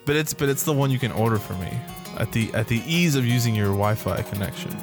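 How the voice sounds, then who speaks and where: A man's voice: medium pitch, expressive, fast, soft background music. A man from New York City co-hosting a podcast, laid-back and teasing. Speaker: podcast co-host. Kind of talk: casual podcast banter.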